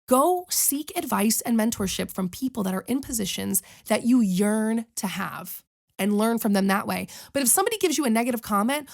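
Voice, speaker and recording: A woman's voice: fairly high pitch, vocal fry. A young woman singer hosting her own show, chatting casually to camera in a sassy, chatty, self-motivating way. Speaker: singer and podcast host.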